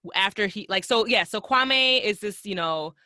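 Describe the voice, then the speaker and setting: A woman's voice: medium pitch, expressive, normal speed, sharp tone, dry recording, studio quality. A woman hosting a casual podcast, rambling in slangy chat full of fillers. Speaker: podcast host.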